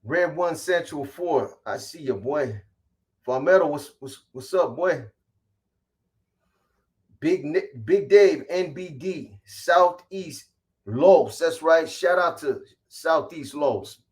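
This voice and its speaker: A man with a somewhat high speaking voice hosts a casual livestream. He rattles off viewer names one after another and drops easy slang greetings between them. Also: lively intonation, takes it slowly. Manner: rattles off viewer shout-outs, slangy, calls people boy. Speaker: livestream host.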